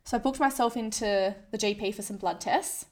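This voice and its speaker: A woman's voice: mid-range voice, fairly quick, a little mellow, a little hiss or hum. A woman speaking in a candid personal monologue, frank and self-deprecating, often quoting her own inner voice. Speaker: vlogger sharing a personal story.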